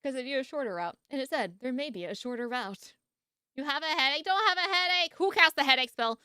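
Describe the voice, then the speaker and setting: Woman streamer, playful joking chat, tense bright tone, dry close sound. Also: sits high, fairly quick, clean tone, dry recording. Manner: playful and jokey, laughs often; sleepy, yawning. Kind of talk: casual live-stream chat.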